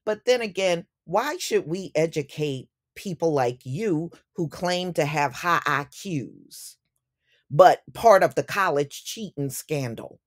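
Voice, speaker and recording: A woman delivering an opinion commentary vlog, speaking emphatically and indignantly and repeating phrases for effect. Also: deep voice. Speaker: YouTube commentator.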